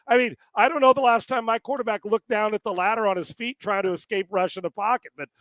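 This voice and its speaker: A man co-hosting a sports talk podcast, ranting with lots of swearing, laughing often and breaking into shouts. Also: high-pitched, steady tone, quick pace, no echo. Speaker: podcast co-host.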